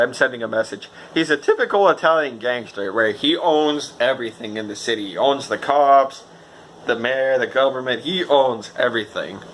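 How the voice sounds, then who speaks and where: A man giving a casual, rambling video game review, excitable and swearing freely. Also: mid-range voice, slight background noise, rough recording.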